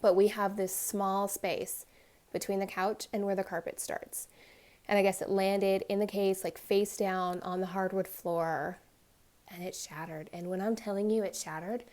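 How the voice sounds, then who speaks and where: A young woman, a crafting vlogger, chatting casually and telling a family story, acting out the voices she quotes. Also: mid-range voice. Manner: animated, acts out quoted voices.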